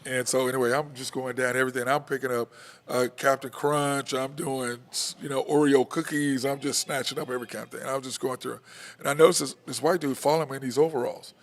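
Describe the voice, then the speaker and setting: A man's voice: mid-range voice, fairly even intonation, a little fast. Man hosting a casual talk show, loose storyteller, laughs easily. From Oklahoma. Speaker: host. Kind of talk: casual chat.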